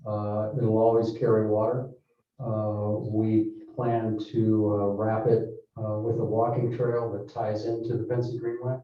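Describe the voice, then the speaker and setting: A man presenting a development project at a town board meeting, speaking haltingly with many fillers and restarts. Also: fairly low pitch, little pitch movement. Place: town hall meeting room. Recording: echoey council chamber, distant mic, muffled.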